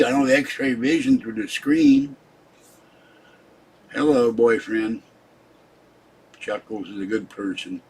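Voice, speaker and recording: Husky irritable older man. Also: medium pitch. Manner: irritable, scolding viewers in the chat. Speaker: livestream host. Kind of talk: rambling live-stream chat.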